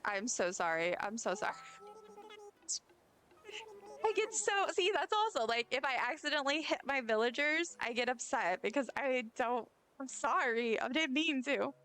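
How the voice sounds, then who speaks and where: A woman streamer with a voice on the high side and a fairly bright tone chats casually while playing a game. She giggles and talks to the characters on screen.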